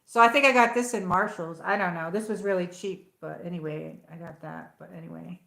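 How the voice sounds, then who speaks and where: A woman's voice: on the low side, fairly quick, vocal fry, a bit bright. A woman hosting a casual livestream from home, rambling and chatty as she greets viewers by name. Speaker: livestream host. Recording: echoey room.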